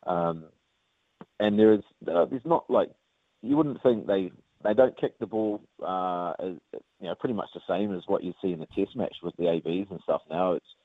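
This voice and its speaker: Speaking at a moderate pace in a low register, this New Zealand rugby player rambles through a casual phone interview, full of ums and uhs and thoroughly relaxed. There's no echo, just the thin, dry sound of a phone line.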